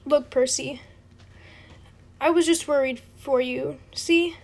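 A woman's voice: sits high, fairly even intonation, slow pace, vocal fry, full character voice. A woman doing a stammering, jittery teen satyr boy. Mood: nervous.

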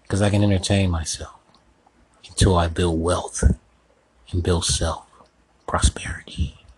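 A man's voice: low-pitched, darkish tone, husky, poor audio. A man hosting a comedic solo podcast sketch, rambling and swearing as he talks to himself. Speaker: podcast host.

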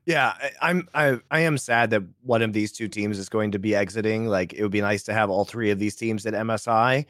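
A man co-hosting an esports show, breaking down matches in a halting way, full of restarts and easy laughs. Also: lowish voice, a bit bright, no room sound, studio quality. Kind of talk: casual analytical chat.

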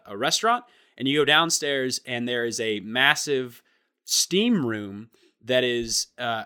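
A young man telling a funny story in casual chat, animated and acting out what people said. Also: medium pitch.

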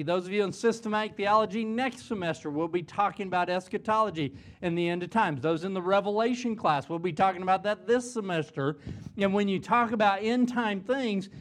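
A man, middle-aged or older, preaching an earnest chapel sermon to students, often repeating a word as he starts a phrase. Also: high-pitched. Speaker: college president preaching in chapel. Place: chapel service before students.

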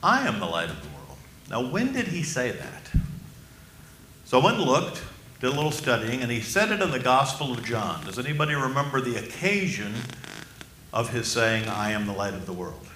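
A man preaching a sermon as pastor, emphatic and slowing down for key phrases while asking the congregation questions. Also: mid-range voice, big pitch swings, fairly bright tone, reverberant, slight background noise.

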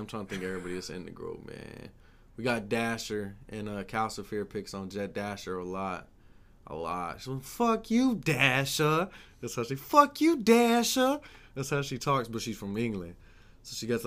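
A young man co-hosting a podcast, chatting casually with lots of slang and swearing. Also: on the low side. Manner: profane, laid-back slang, frequent "you know what I'm saying". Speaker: podcast co-host. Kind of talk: casual chat.

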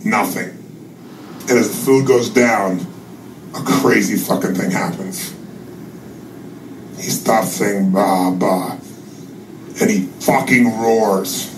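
A man's voice: fairly low pitch, slow, long pauses, background noise. A man telling a parable as a motivational speaker, profane and building his talk up. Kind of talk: storytelling pep talk. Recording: echoey room from far off with music.

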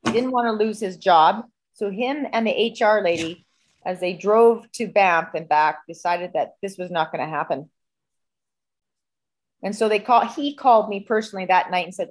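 Woman guest on a video call, fiery and foul-mouthed storyteller, medium-pitched voice. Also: normal speed, poor audio. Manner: profane, heated, animated storytelling.

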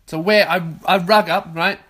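A man in his twenties with an Australian accent, hosting a casual solo podcast from his bedroom, swearing freely and ranting in loud bursts. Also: high-pitched, steady tone, normal speed. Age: 20s. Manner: profane, ranting, loud outbursts. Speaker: podcast host.

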